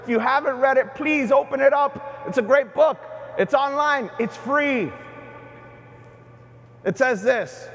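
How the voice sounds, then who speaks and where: Middle-aged bishop preaching, really high voice, long echo off a big cathedral. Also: male voice, a little slow, pauses often. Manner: animated preaching, questions to the congregation. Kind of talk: sermon. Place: large cathedral.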